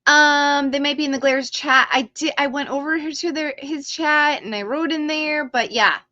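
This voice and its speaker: A woman hosting a live stream, chatting casually and excitedly to her chat viewers. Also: sits high, moderate pace, dry recording, muffled recording.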